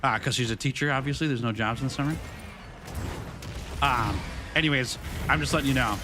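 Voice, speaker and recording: A man in his thirties, a gaming streamer, chatting casually with his live viewers, upbeat and quick to laugh. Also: mid-range voice, background noise.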